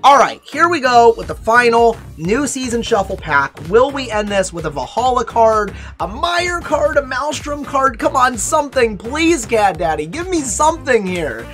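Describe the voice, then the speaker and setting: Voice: mid-range voice, animated, normal speed, hardly any pauses, a bit bright, faint music behind. A mobile game YouTuber opening card packs, counting down before each one and playfully overdramatic about bad luck. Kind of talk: casual game pack-opening commentary.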